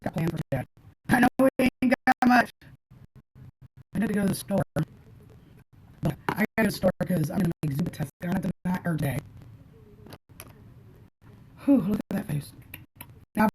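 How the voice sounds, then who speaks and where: A woman's voice: lowish voice, moderate pace, pauses often, a little mellow, a little hiss or hum, low-quality recording. A woman hosting a casual makeup tutorial, chatting to her viewers in a friendly way as she works.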